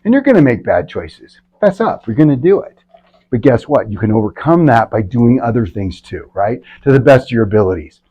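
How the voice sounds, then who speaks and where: A man presenting a health workshop to a live audience, energetic and constantly checking in with the room. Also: mid-range voice, brisk, highs cut off.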